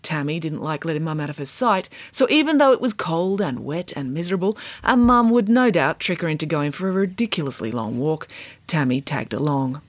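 A woman narrating a story with gentle humor, her fairly low voice rising and falling in lively swings. The recording is close and dry, with no room echo at all. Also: fairly quick.

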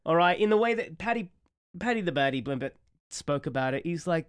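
Higher-voiced man chatting on a podcast. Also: fast talker, clear, resonant tone, no room sound, clean studio sound. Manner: rambling, emotional, swearing freely. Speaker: podcast co-host. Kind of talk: casual podcast chat.

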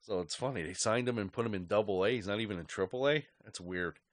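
A sports podcast host, a man with a fairly low voice, talks fast on a dry recording. Hosting a fan show, he rants angrily and swears heavily, rambling off the cuff.

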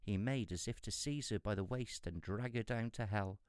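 Calm low-voiced male storyteller. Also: moderate pace, smooth, dry recording, studio quality. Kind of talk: fairy tale narration.

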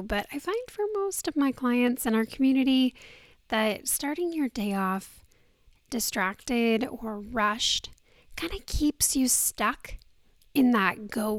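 A woman hosting a podcast in a casual, soft-spoken talk, with a groggy morning voice that often drops to a breathy near-whisper, speaking into a handheld microphone. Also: fairly high pitch, dry recording. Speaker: podcast host. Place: indoors on vacation.

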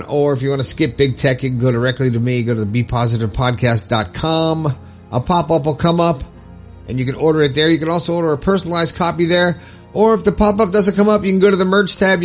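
A man hosting his own podcast in a casual, upbeat and rambling way, with lots of fillers and frequent laughs. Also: on the high side. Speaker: podcast host. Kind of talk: casual solo podcast talk.

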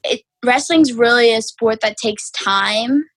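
A woman's voice: a little high, takes it slowly, a bit bright, husky, no echo. A teenage girl, answering interview questions in an easygoing way, full of "like" fillers. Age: teens. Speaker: guest, high school wrestler.

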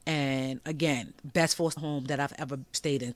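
A woman's voice: low voice, steady tone, moderate pace, no room sound. Brooklyn woman telling her own story, emphatic and frank, dry room. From Brooklyn, New York. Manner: candid, emphatic, conversational. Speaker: podcast host. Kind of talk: personal storytelling monologue.

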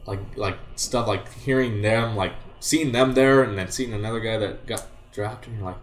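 A young man from Southern California tells stories from his baseball days with a lowish voice. He talks in laid-back slang, says "like" and "dude" constantly, swears mildly, and his voice leaps up when he acts out what he said. The room gives the sound a roomy echo. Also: normal speed. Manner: jumps high and loud when quoting himself. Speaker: guest, former baseball player. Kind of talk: casual storytelling chat.

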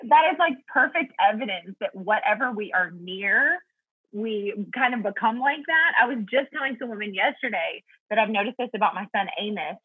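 A woman's voice: medium pitch, animated, normal speed, slightly rough, no room sound, narrow, tinny audio. A woman guest talking earnestly and thoughtfully about Bible study in a casual faith chat, laughing easily.

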